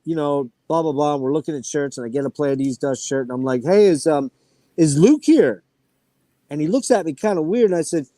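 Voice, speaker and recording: A man hosting an online talk show, telling stories in an animated way and swearing freely. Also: on the high side, no room sound. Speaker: podcast host. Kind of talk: casual chat.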